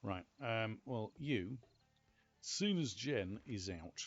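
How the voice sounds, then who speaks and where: A British man casually chatting and telling stories while playing a game, animated and exclamatory. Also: lowish voice, takes it slowly, no echo, lo-fi sound, faint music behind. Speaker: gaming channel host. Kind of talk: casual gameplay commentary.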